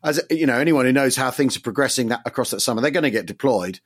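A man's voice: mid-range voice, quick pace, husky. Chatty, hesitant man. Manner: chatty, hesitant with many ums and restarts. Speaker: podcast co-host. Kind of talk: casual conversation.

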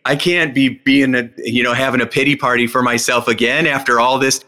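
A hypnotist and public speaker appears as an interview guest, telling stories with gusto. Quoted remarks come out with sharp pitch jumps as he acts them out, while his teaching of a breathing exercise is slow and carefully guided.

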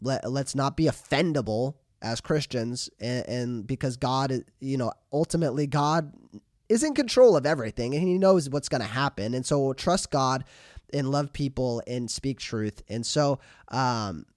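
A man hosting a podcast, talking casually and in an animated way, with lots of fillers and restarts. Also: medium pitch, normal speed, no echo, clean studio sound. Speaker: podcast host.

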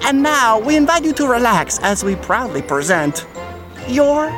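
A woman's voice: fairly high pitch, expressive, over music. A woman putting on a fake-posh French host. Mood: mock-elegant. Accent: put-on French. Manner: grand, slow and theatrical. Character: mock-suave French host voice. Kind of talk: comedy podcast acting.

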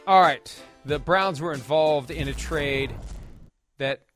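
A man's voice: a little high, takes it slowly, a bit bright, soft background music. A man hosting a sports talk show, arguing emphatically and firing off rhetorical questions.

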